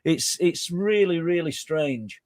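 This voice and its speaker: A talkative middle-aged man with a Yorkshire accent spins out a story as a guest, tripping over his words and starting again. His voice sits fairly high for a man, and the sound is dry and close with almost no room on it. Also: takes it slowly, no room sound. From Yorkshire, England. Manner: talkative, stumbling restarts, animated. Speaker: guest researcher. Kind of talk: storytelling in conversation.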